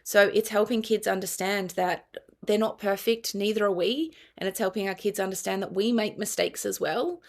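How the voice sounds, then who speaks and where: A woman's voice: mid-range voice, normal speed. A middle-aged woman with an Australian accent, a family counselor explaining parenting earnestly in an interview. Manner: earnest, explanatory, with quoted dialogue. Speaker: guest, family and child counselor. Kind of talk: conversational interview.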